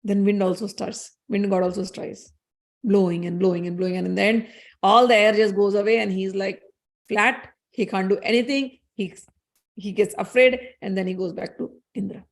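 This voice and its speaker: A woman's voice: medium pitch, fairly even intonation, normal speed. A woman casually retelling a sacred story, conversational with restarts.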